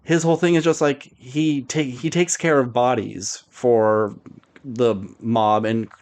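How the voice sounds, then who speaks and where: A man's voice: medium pitch, fairly even intonation, unhurried, darkish tone. A man co-hosting a podcast, chatting casually with a rambling, sarcastic delivery full of fillers. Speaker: podcast co-host. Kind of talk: casual chat review.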